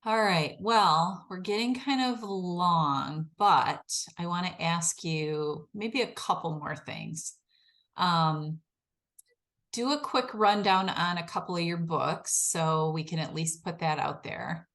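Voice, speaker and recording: A woman's voice: lowish voice, lively intonation, takes it slowly, a bit bright. A woman hosting an interview podcast, giving short encouraging replies and steering the talk. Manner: encouraging, brief affirmations. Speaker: podcast host, veterinary life coach. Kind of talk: interview chat.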